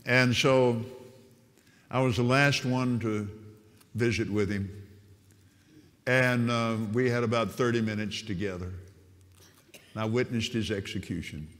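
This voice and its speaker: A man's voice: medium pitch, measured pace, long pauses. Older preacher man in a reverberant hall. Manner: animated, repeats and restarts words. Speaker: prison minister. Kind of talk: testimony storytelling.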